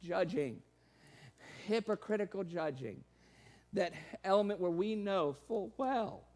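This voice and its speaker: A man preaching a sermon in an animated way, laughing often and raising his voice for sarcastic quotes. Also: fairly high pitch. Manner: animated, laughing, sarcastic asides, quoting in raised voice.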